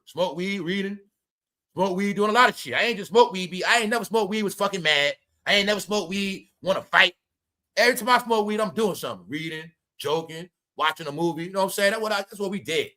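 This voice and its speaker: A man hosting a livestream, talking loudly in rambling, profane commentary, often saying "y'all". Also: sits high. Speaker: livestream host. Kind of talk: profane stream-of-talk commentary.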